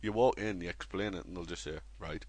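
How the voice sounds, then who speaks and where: A blunt man co-hosts a casual football podcast, airing wry complaints in a fairly low voice. He talks plainly and drily, in no hurry. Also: fast, a little mellow, no echo. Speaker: podcast co-host.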